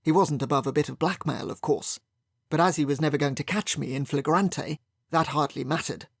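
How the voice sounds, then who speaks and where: A man's voice: fairly high pitch, a little fast, gravelly, dry recording, studio quality. Wry male audiobook narrator. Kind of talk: first-person audiobook narration.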